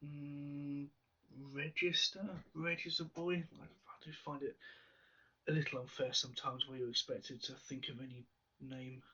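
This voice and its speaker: Husky guy thinking aloud slowly over a crossword, bright edgy tone, bit dull lo-fi sound. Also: a little high, little pitch movement, recorded from a distance. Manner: slow, musing, half-whispered asides. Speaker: crossword solver. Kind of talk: thinking aloud while solving.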